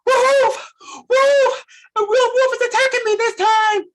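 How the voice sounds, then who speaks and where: Storyteller shouting as a prankster shepherd boy. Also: extremely slow. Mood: panicked. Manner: shrill shouting and cackling laughter.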